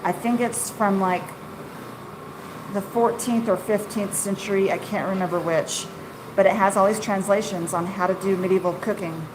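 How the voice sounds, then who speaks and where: Chatty woman in a noisy workroom. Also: mid-range voice. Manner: self-deprecating, rambling, with quick asides. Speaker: small-batch marshmallow maker and shop owner. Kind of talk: casual chatty storytelling while working. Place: candy kitchen while cutting marshmallows. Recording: steady ambient background noise.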